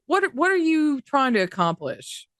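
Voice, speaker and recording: A woman's voice: sits low, expressive, moderate pace, dry recording, studio quality. A woman co-hosting a podcast, talking in casual chat with an incredulous, exasperated manner and casual swearing. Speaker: podcast co-host.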